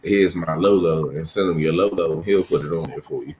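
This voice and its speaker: Deep-voiced laid-back man. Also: brisk, a little mellow. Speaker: co-host. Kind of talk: casual chat. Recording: echoey room, faint noise.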